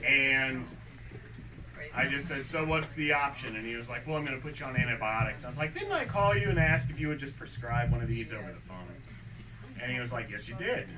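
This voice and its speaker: A young man doing stand-up comedy, telling stories in a deadpan way and acting out both sides of each exchange. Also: mid-range voice, brisk, a crowd in the background. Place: small theatre stage. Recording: distant mic with audience laughter.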